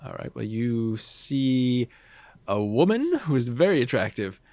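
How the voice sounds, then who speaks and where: A man's voice: medium pitch, sing-song, measured pace, a little mellow, no room sound. A man running a tabletop game as game master, narrating in a chatty way with laughing asides.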